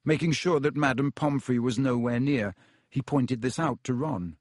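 A man's voice: medium pitch, darkish tone, dry recording. Man narrating an audiobook, dry sound. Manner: measured storytelling. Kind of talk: scripted narration.

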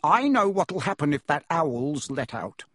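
A blustering middle-aged uncle, all bluster and bullying, his voice pushed high and loud as he bellows each word slowly, as a husky-voiced male narrator puts him on. The sound is dry and close. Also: big pitch swings, dry recording, exaggerated voice. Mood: angry. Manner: roaring, slow and emphatic.

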